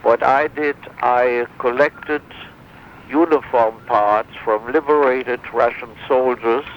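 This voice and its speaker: Old guy telling war stories real slow, lots of uh and restarts, kinda dull lo-fi sound w faint hiss. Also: medium pitch, fairly even intonation. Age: older. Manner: halting, many fillers and restarts. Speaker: interviewee, former wartime interrogator. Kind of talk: recounting memories in an interview.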